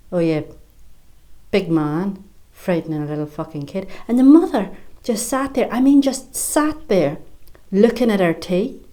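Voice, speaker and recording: An actress playing a bitter, fierce middle-aged Irish mother, delivering a sharp-tongued, swearing stage monologue in an Irish accent. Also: medium pitch.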